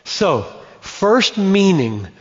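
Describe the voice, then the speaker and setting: A man preaches a sermon in a fairly high, lively voice, dropping low and quiet, then rising again. He slows down and repeats short phrases for emphasis. The sound is dull and muffled, with a long reverb trailing off his words. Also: slightly rough. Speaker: pastor.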